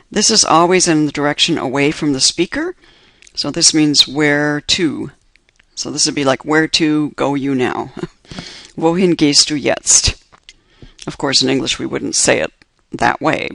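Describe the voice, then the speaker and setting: Gravelly, slow-talking German teacher man. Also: fairly high pitch, a bit bright, no echo. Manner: patient, explains step by step and repeats examples. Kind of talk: lecture over slides.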